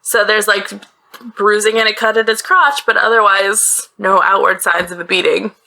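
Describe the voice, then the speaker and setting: This northeastern US podcast host tells a true-crime case in a chatty, casual way, adding laughing asides, from a small closet-like bedroom. Her mid-range voice is steady and creaky with a sharp tone, delivered at a moderate pace.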